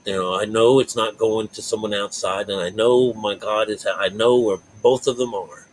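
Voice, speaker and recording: A man's voice: on the low side, steady tone, normal speed, a little hiss or hum, low-quality recording. A man giving a rambling, folksy spiritual talk to his viewers, full of fillers and asides. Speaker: spiritual vlogger.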